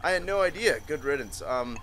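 Guy doing a let's play of a chat game, slightly high voice, keyboard clicks and noise behind. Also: a little fast. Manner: animated, swearing, laughing, reading lines in mock voices. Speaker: gaming YouTuber. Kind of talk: let's play commentary, reading chat aloud.

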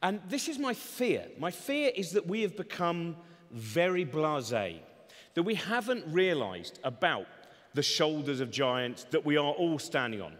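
A man doing a comedy talk on stage, rambling energetically with sardonic asides. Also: fairly high pitch. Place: large event hall. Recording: long reverb of a large hall.

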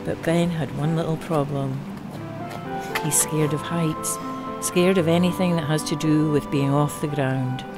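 A woman narrates in a mock-earnest storytelling voice, pitched very low for a woman. Loud music plays under her throughout. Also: steady tone, unhurried. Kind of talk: scripted narration.

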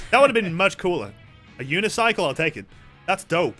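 A man streaming a video game, reacting and reading game lines aloud in an animated, swearing, joking way. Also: high voice, fairly quick, soft background music. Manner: animated, swears, laughs a lot.

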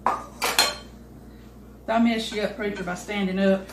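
This older woman's mid-range voice is steady and slow, with some background noise. She hosts a casual home cooking video, cooking in her own kitchen while chatting folksily with the cameraman, amid echoes and the clatter of dishes.

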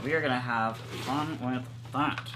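A man co-hosting a casual vlog at home, opening fan mail and bursting into excited exclamations. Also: mid-range voice, a little slow, very noisy. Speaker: vlog co-host.

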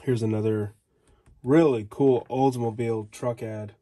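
Guy reading old ads out loud, mellow voice, chatty little asides. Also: mid-range voice, steady tone, measured pace. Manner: reads headlines aloud in fragments with offhand asides. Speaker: reseller flipping through old magazine ads. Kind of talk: casual commentary reading old ads aloud.

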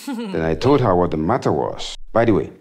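A man's voice: low voice, very animated, fairly quick, darkish tone. A man doing a comic monologue in a wry, self-mocking way, often chuckling. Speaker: comedian.

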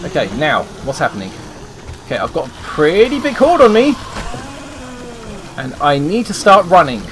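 A man's voice: fairly high pitch, huge pitch swings, moderate pace, background noise. A man playing a survival game, talking to himself and swearing constantly as he panics. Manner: swears a lot, talks to himself while playing. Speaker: gameplay streamer.

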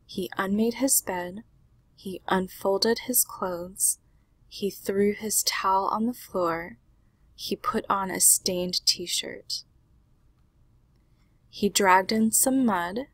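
Woman, picture book read-aloud, gentle, playful, slow, husky. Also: medium pitch, no room sound. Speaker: narrator.

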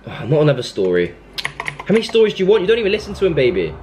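A man's voice: a little high, huge pitch swings, rapid-fire, noisy background. A young man commenting on a horror game as he plays, scolding and panicking in turn. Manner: jumpy, panicky outbursts, scolding the game baby. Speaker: gaming YouTuber.

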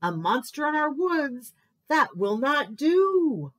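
A woman's voice: high voice, sing-song, takes it slowly, dry recording, pitched above the performer's own voice, heavily acted. A woman voicing a fussy owl who hoots through her lines in a children's story. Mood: hooting. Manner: hooting.

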